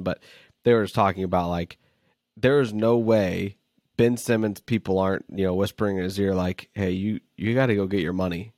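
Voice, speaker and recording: A man co-hosting a sports podcast, talking in a relaxed, halting way with restarts. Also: sits low, dry recording. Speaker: podcast co-host. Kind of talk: casual sports chat. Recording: dry close-mic sound.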